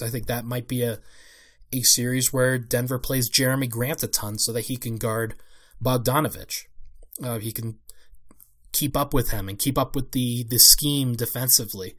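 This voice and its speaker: A young man hosts a solo basketball podcast, breaking down a playoff series in a relaxed, unscripted way. His voice sits at an ordinary middle pitch, and he thinks aloud with plenty of fillers and self-corrections. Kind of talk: solo casual sports analysis.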